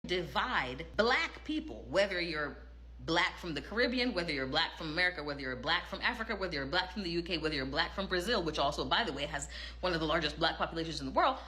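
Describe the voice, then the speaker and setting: A woman's voice: deep voice, lively intonation, fast, sharp tone. A woman giving impassioned, persuasive social media commentary. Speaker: commentator in a reacted clip.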